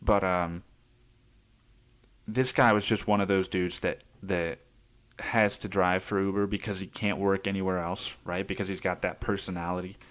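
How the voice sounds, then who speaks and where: A man's voice: low-pitched, fairly even intonation, moderate pace, a bit bright. A man hosting a podcast, telling a rambling story in a casual chat style, laughing often and swearing freely. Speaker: podcast host.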